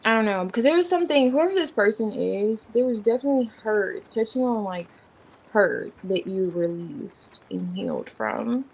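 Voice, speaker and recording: A woman's voice: medium pitch, big pitch swings, normal speed, gravelly, darkish tone, husky, rough recording. A woman giving a casual tarot reading in an informal, slangy way, thinking aloud as she names the cards. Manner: rambling, thinking aloud while naming cards. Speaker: tarot reader.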